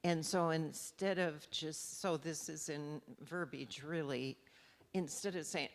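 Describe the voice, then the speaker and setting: Low-voiced hesitant woman. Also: takes it slowly. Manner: hesitant, thoughtful. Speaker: audience member. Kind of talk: audience comment. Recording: reverberant hall sound.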